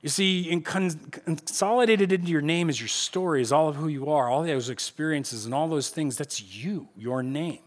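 Pastor, male, higher-pitched voice, laid-back slangy preaching, swings between loud and hushed. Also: moderate pace, hardly any pauses. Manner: casual, conversational preaching with slang; animated, swings between loud emphasis and quiet. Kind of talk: sermon. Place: church.

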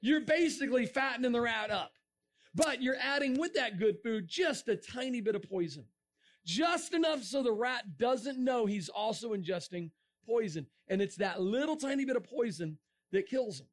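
A middle-aged man giving a lively creationist talk to a young audience, joking and asking the crowd questions. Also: very high voice, moderate pace. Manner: animated, asks the crowd questions, jokes. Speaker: creationist speaker.

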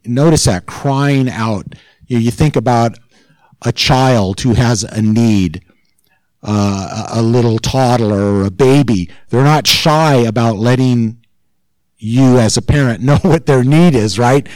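A man's voice: medium pitch, takes it slowly, a little mellow, no room sound, poor audio. A man pastor giving a sermon in an informal, chatty way, growing more intense as he presses a point. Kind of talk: conversational sermon.

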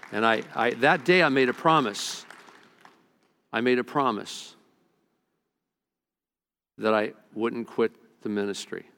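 A man's voice: lowish voice, fairly bright tone, clean tone. A middle-aged male pastor preaching a sermon, telling a personal story earnestly, with frequent stammered restarts.

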